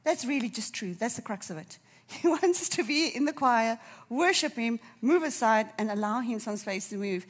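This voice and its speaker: A woman's voice: fairly high pitch, expressive, moderate pace. A woman preacher with a runny nose, delivering a sermon and repeating key phrases for emphasis.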